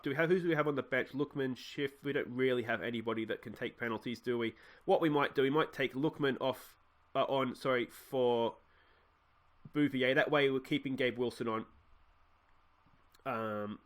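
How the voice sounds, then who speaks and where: A young Australian man commentating his own football management game, swinging from loud shouts at near misses to quiet musing. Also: medium pitch. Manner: bursts into shouts at near misses, then drops to musing mutters. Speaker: gaming let's play host.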